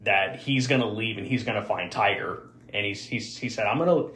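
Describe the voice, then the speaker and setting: A man's voice: fairly low pitch, moderate pace, pushed and bright. A man hosting a podcast, casually recapping a film with lots of fillers and restarts. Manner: rambling, many fillers and restarts. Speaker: podcast host. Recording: roomy echo.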